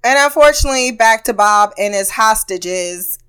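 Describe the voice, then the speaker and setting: A woman's voice: on the high side, lively intonation, normal speed, loud music behind the voice. A woman hosting a podcast, recapping a TV episode in a loose, blunt and profane way, laughing often and acting out characters' lines. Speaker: podcast host.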